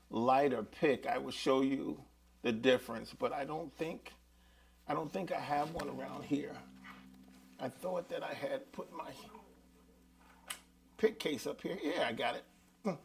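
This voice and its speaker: Male guitar teacher, mid-pitched, gravelly, casual and talking directly to viewers. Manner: relaxed, chatty, talks to viewers directly. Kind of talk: live-streamed guitar lesson.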